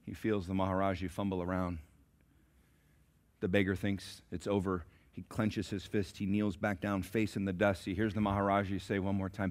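A man preaching a sermon in a church, telling a story dramatically and swinging from hushed to loud. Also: sits low, level tone, normal speed. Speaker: pastor. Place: church sanctuary.

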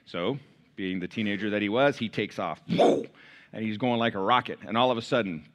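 A man's voice: fairly low pitch, a little fast. A middle-aged man preaching a sermon as pastor, telling stories with quoted dialogue and asides to the congregation.

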